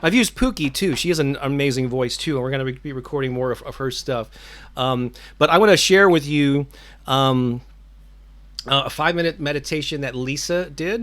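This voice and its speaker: A man's voice: mid-range voice, fairly bright tone. A middle-aged man hosting his own channel, chatting casually on a live stream with many fillers and restarts. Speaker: affirmation channel host.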